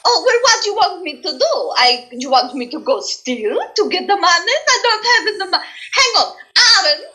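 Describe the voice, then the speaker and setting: A woman's voice: very high-pitched, big pitch swings, fairly quick, sharp tone, voice pushed up, heavily acted, low-quality recording. A woman voicing a cheerful young Polish woman who speaks broken English in a bubbly, sing-song way. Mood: cheerful pleading.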